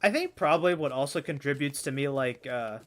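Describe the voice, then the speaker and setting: A hoarse man in his twenties chatting casually while playing a game, rambling with stammered restarts and frequent swearing. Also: medium pitch, expressive, fairly quick. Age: 20s. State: hoarse, strained voice. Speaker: gaming streamer.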